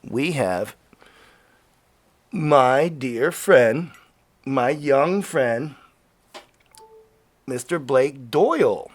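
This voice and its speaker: A man's voice: medium pitch, lively intonation, very slow, pauses often. A man hosting a podcast in a studio, rambling and joking with plenty of swearing. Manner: profane, jokey, rambling. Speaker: podcast host. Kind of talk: casual rambling chat.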